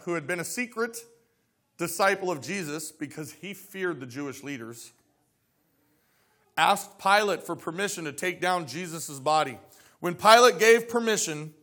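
High-voiced preacher reading scripture. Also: male voice, bright, forceful tone. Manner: reads scripture aloud then explains it, asks the congregation questions. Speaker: pastor. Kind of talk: sermon.

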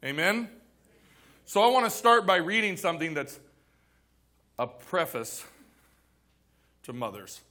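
A man's voice: sits high, very animated, measured pace, pauses often, bright, forceful tone. A male pastor preaching a casual, joking sermon in church, acting out little scenes as he goes.

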